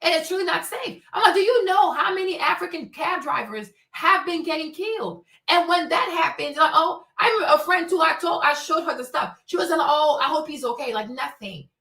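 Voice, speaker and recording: A woman with a high, sharp voice delivers a fierce, profane livestream rant. She hammers her points with heavy emphasis. The sound is roomy and echoey, as if the mic sits some way off. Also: lively intonation, brisk, few pauses. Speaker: livestream host. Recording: echoey room, distant mic.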